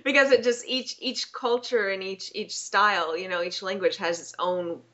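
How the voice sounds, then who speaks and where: A woman interviewing a guest in a casual chat, enthusiastic and quick to laugh. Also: mid-range voice, fairly even intonation, a bit bright. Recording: dull lo-fi sound.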